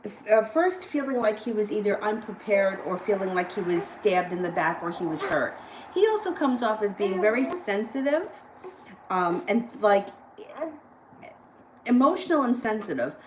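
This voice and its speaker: A woman's voice: medium pitch, very animated, normal speed, slight background noise, poor audio. A woman giving casual live-stream tarot readings, blunt and plain-spoken, swearing freely between cards. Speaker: tarot reader.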